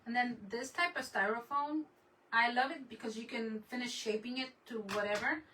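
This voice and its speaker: This woman's voice is on the high side, steady in tone and moderate in pace. She's running a craft livestream, laughing often, greeting viewers in Spanish, and chatting casually, often trailing off mid-sentence. The audio is a little distant, with faint room noise.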